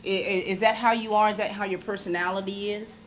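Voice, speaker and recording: A woman's voice: mid-range voice, fairly even intonation, brisk, slight background noise. A chatty woman hosting a local TV interview, laughing often. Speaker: host.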